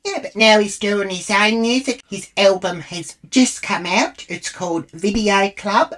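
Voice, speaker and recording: A woman's voice: medium pitch, a little slow, fairly bright tone, faint music behind. An Australian woman vlogger telling a rambling storytime anecdote, blunt and full of swearing. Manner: crude, rambling storyteller who swears freely. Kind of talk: storytime monologue.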